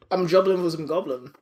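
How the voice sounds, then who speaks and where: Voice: medium pitch, a little mellow. Rambling podcast co-host recapping cartoon episodes. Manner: rambling recaps with acted-out quotes, swearing. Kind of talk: casual chat.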